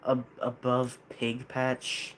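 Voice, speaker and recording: A man's voice: mid-range voice, monotone, slow pace, slight background noise. A young American man rambling casually to a live chat, hesitant, with many restarts. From United States. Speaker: streamer.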